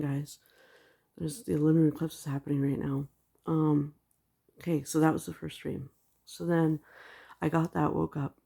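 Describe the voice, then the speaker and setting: A woman's voice: low voice, creaky, mellow, husky. A woman casually retelling her dreams in a religious vlog, rambling with lots of "like" fillers. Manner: rambling storytelling with many "like" fillers. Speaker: video blogger sharing dreams.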